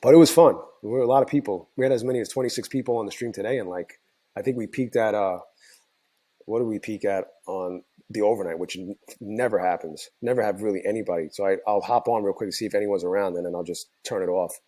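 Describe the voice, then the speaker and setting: A tired trading channel host, his voice going hoarse, rambles through a casual screen-share recap of his trades for viewers. His fairly low voice has a steady, dark tone, and he keeps correcting himself, restarting sentences and filling pauses with ums and likes.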